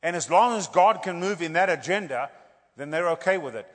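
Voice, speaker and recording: Man, middle-aged, high-pitched revival preacher; loud swells, quiet asides; long church-hall reverb. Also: brisk. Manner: lively, swings between loud declarations and quiet asides, jokey. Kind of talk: revival sermon.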